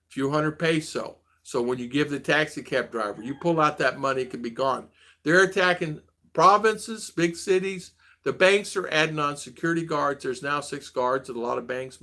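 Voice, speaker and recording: A man's voice: medium pitch, gravelly, bright, forceful tone. A middle-aged man hosting a casual vlog stream, rambling and repeating himself as he answers viewers with blunt advice. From United States. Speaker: vlog host.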